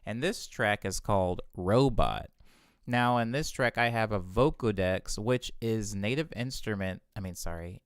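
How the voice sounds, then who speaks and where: Low-voiced man walking through music production. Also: clear, resonant tone, no room sound, clean studio sound. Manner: explains step by step with quick self-corrections. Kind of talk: casual tutorial walkthrough. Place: home music studio.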